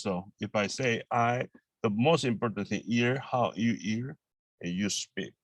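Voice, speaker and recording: Brief: man in his own voice, Korean accent, fairly low pitch, dry close sound, patient teacher drilling phrases over and over. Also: no room sound. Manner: halting, repeats each phrase slowly for practice. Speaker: language teacher. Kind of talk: language lesson.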